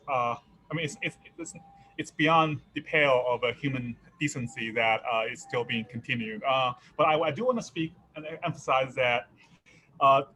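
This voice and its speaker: A man speaks in halting bursts, full of fillers and restarts. His voice is bright and forceful, with a faint background hum. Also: medium pitch, poor audio. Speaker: public commenter. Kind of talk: public comment.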